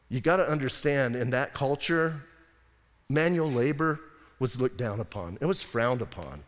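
A man preaching a casual, joking sermon as pastor, acting out quick asides in other voices. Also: medium pitch, long reverb tail. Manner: animated, jokey preaching with acted asides.

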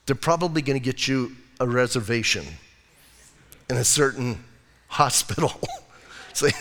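A man's voice: mid-range voice, measured pace, pauses often, a bit bright, long reverb tail. A man preaching as pastor in a casual, joking, verse-by-verse sermon, often breaking in with "hey". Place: church sanctuary.

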